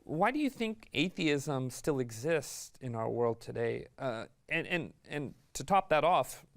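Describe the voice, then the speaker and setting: A man's voice: medium pitch, lively intonation, measured pace, creaky. A man hosting an interview, summing up his guest's story and asking follow-up questions. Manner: affirming, sums up the guest's words. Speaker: interview host.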